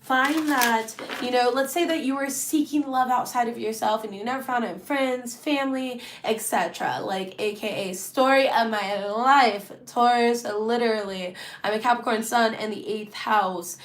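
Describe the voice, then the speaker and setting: A woman giving a casual, chatty tarot reading, animated and full of fillers. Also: on the high side, echoey room. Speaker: tarot reader.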